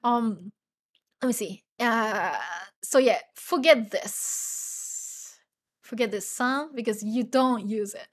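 A woman's voice: fairly high pitch, slow. A tired woman with a Japanese accent, native speaker of Japanese, teaching the language in a casual livestream Q&A, chatty with lots of fillers. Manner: chatty, many fillers, laughs often, spells out words.

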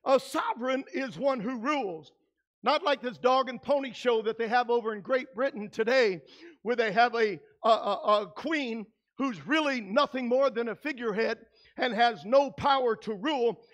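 Man with a very high voice, pastor, emphatic sermon, shouting at peaks. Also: normal speed, dull audio. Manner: emphatic preaching, rising to shouts; acts out quoted voices in his own voice.

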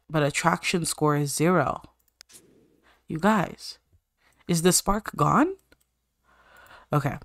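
A young woman chatting excitedly through a life-simulation game, talking to her viewers in a slangy, casual way. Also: sits low, no room sound, studio quality. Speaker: let's play creator. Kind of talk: casual gameplay commentary.

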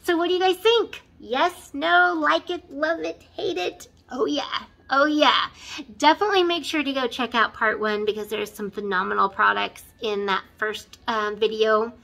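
A woman beauty vlogger in casual unboxing chat, gushing and excitable, who keeps talking straight to her viewers and drops into soft whispers when she admires something. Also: fairly high pitch, moderate pace, creaky.

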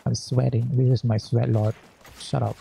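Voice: medium pitch, flat delivery, moderate pace, vocal fry, noisy background. A gaming channel host giving let's-play commentary, frustrated and cursing heavily at the game. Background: game music.

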